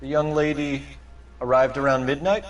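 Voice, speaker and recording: A man's voice: mid-range voice, normal speed, lo-fi sound, faint music behind, natural voice. An actor playing a stern male police detective in a video game, questioning a suspect with pointed, probing questions. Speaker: game character.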